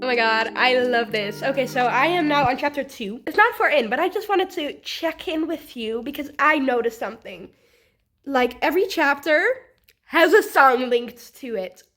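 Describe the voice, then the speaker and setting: A woman's voice: high voice, expressive, moderate pace, fairly bright tone. A young woman chatting casually in a reading vlog, talking to the camera with lots of "like" fillers. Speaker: book vlogger.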